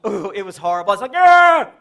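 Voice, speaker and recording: A middle-aged man from Texas doing live Christian stand-up in a church, telling stories with lively acted-out quotes. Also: high-pitched, a little fast, some chatter behind. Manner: animated storytelling with acted-out quotes and laughs. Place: church hall with a live audience.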